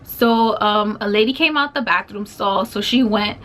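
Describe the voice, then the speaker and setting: A woman's voice: medium pitch, moderate pace, a bit bright. A young woman vlogger casually retelling a personal story, full of filler words and quoted back-and-forth exchanges. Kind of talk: storytime vlog.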